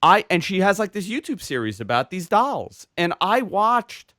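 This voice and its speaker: A man co-hosting a casual tech podcast, telling stories in an animated way with emphatic asides. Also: high voice, moderate pace, dry recording, clean studio sound. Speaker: podcast co-host and video creator.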